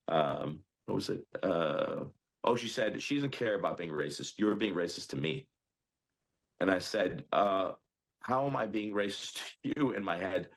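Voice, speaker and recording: A man telling what happened in an interview, hesitant, with many pauses and ums. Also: low voice. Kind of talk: recounting an incident in an interview.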